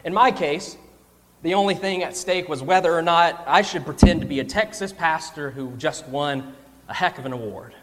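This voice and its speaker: High-voiced man preaching in a reverberant hall. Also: normal speed. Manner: storytelling, animated and humorous. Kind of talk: sermon with a personal story.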